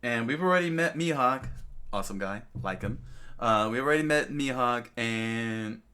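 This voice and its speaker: A man's voice: mid-range voice, normal speed, sharp tone, smooth. A middle-aged man in casual commentary, rambling with many fillers, restarts and asides to the listener as he talks about a comic. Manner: rambling, many fillers and restarts, "you know what I'm saying". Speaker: channel host reading and commenting on manga.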